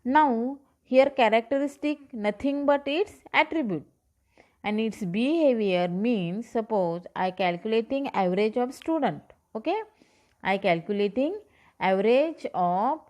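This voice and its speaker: Woman, teacher, lecture, repeats points, asks okay, slightly high voice. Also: expressive, normal speed, a little mellow. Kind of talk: classroom lecture.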